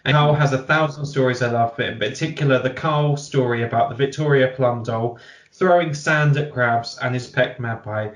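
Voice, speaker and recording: A man's voice: medium pitch, normal speed. British man reading feedback in a roomy echo. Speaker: podcast co-host. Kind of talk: reading listener feedback, casual chat.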